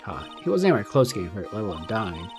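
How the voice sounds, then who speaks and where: A man's voice: fairly low pitch, sing-song, rapid-fire, music in the background, pitched below the performer's own voice. A man reading game dialogue aloud as a sweet, teasing young woman who tames animals. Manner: teasing, sing-song.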